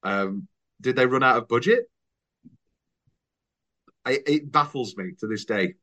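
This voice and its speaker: A man's voice: medium pitch, a little slow, bright, forceful tone. A man co-hosting a podcast in casual, joking chat, laughing often. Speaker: podcast co-host.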